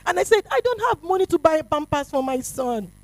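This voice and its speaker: A middle-aged woman, giving a fervent testimony to a youth retreat, swinging from hushed to shouting. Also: sits high, sing-song, brisk, no room sound, poor audio. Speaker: prophetess speaking to a youth retreat. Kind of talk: impassioned testimony to a crowd.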